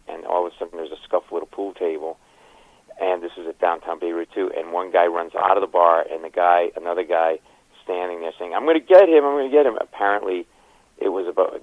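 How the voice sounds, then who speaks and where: A man's voice: sits low, no echo, phone-quality sound. A man in his fifties, a comedian, telling stories in an interview and acting out the voices of people in them. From Providence, Rhode Island. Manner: fast anecdotal storytelling with acted-out quotes and laughs. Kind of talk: animated storytelling interview.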